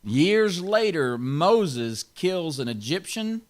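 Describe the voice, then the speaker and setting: Pastor guy teaching scripture real slow, kinda high voice, leans hard on words. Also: sing-song. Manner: repeats and stresses key words, chuckles often. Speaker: pastor teaching a Bible study. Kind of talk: informal Bible teaching.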